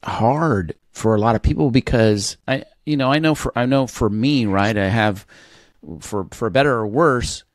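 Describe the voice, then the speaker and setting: A man's voice: mid-range voice, normal speed, no room sound, clean studio sound. A man hosting an interview, reacting casually and searching for words as he asks his questions. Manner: reactive, casual, with frequent affirmations and restarts. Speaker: podcast host.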